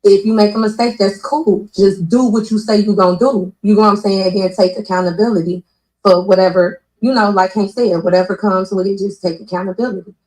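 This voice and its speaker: A woman talking in casual chat, thoughtful and hesitant, with frequent pauses and fillers. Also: mid-range voice, steady tone, a little mellow, poor audio.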